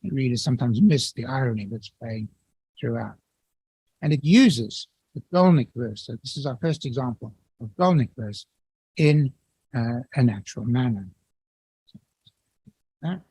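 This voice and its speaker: Man lecturing on poetry, slightly husky voice, dry close sound, measured and explanatory. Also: medium pitch, animated, warm tone, no room sound, low-quality recording. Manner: measured and explanatory, with occasional restarts. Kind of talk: academic lecture.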